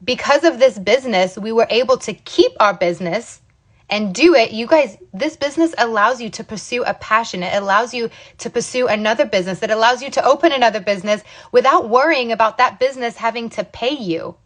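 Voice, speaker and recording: Talking a little fast in a somewhat high, bright voice, this woman from the United States, in her thirties, shares her business story to camera. She's emphatic and motivational in a casual way, often saying "okay?" and "you guys."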